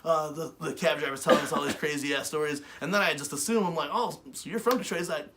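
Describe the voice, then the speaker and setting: A man casually telling stories as co-host of a webshow, animated and swearing, with loud bursts. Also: on the high side, fast, slight background noise. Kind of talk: casual storytelling chat.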